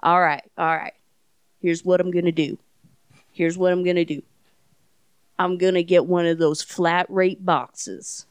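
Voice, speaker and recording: A woman's voice: on the low side, fairly even intonation, unhurried, long pauses, clean tone, dry recording, studio quality, close to an everyday voice. Woman doing a drawling country funeral home guy. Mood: offhand. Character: blunt country-voiced male funeral home clerk.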